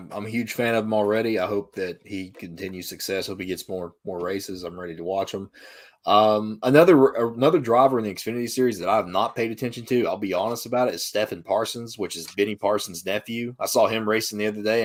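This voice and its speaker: A man co-hosting a casual podcast, animated and stammering, with frequent swearing. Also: fairly low pitch. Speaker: podcast co-host. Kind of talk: casual chat.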